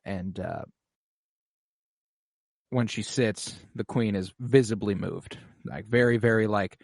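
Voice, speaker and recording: A man's voice: lowish voice, slow pace, long pauses, no room sound, clean studio sound. A man co-hosting a podcast, chatting casually and profanely as he recaps a TV episode. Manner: profane, loose, acts out characters in quotes. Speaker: podcast co-host.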